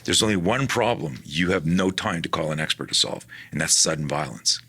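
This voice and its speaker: Man, low pitch, husky, forceful, personal defense instructor, animated storytelling interview. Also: a little fast. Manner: animated, acts out quoted dialogue, frequent restarts.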